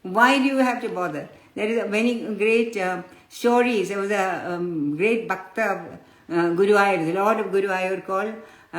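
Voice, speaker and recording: A woman giving a spiritual discourse who explains patiently and tells stories, addressing her listeners fondly as children. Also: medium pitch. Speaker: spiritual teacher. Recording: roomy echo.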